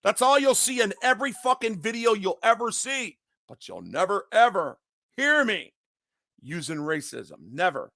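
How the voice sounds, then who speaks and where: High bright man's voice, agitated profane rant, dry close sound. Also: very animated, moderate pace, gravelly, no room sound. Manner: agitated, profane, repetitive ranting. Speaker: online commentator. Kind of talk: unscripted ranting monologue.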